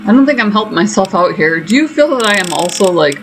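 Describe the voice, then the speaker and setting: Gravelly-voiced woman narrating her game. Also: medium pitch, animated, fast, hardly any pauses, a little hiss or hum, rough recording. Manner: chatty, self-mocking running commentary. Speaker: gaming streamer. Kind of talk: casual let's-play commentary.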